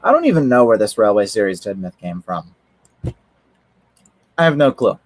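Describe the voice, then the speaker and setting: A man's voice: lowish voice, big pitch swings, moderate pace, no echo, low-quality recording. A man chatting casually on a livestream, rambling with lots of fillers and restarts. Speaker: streamer.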